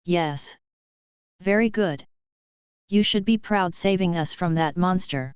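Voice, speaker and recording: A woman's voice: fairly low pitch, slow pace, smooth, dry recording. A woman voicing a treacherous male Hutt crime boss in a storybook reading, speaking in a wheedling, pleading manner. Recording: slightly dull, dry sound.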